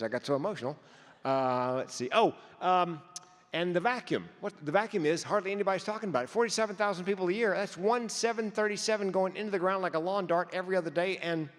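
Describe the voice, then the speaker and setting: A man giving a keynote speech, telling stories with comic timing and sometimes stumbling over repeated words. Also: sits high. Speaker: keynote speaker. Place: conference hall. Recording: long hall reverb.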